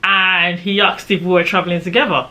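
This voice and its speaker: A woman's voice: lowish voice, steady tone, fairly quick, sharp tone. A woman, a vlogger animatedly retelling a travel story with emphatic, indignant asides. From Nigeria. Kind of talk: storytime vlog.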